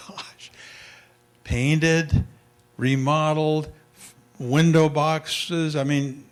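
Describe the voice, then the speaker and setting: An older man giving a parenting talk at a conference, telling lively anecdotes to an audience and acting out his son's voice. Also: medium pitch. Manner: animated storyteller, acts out his child's voice. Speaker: parenting speaker.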